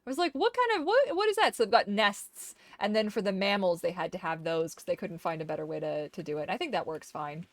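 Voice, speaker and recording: A woman's voice: on the low side, steady tone, a little fast, few pauses, no echo. A woman chatting casually while streaming a game, slipping into doting baby talk to her dog. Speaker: gaming streamer. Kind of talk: casual gameplay chat.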